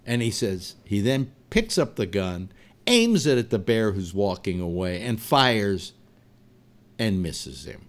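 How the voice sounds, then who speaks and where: A man with a lively, rising and falling delivery tells a long joke as host of a casual live show. He rambles and restarts, and he acts out every turn of the story with energy. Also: fairly low pitch, takes it slowly.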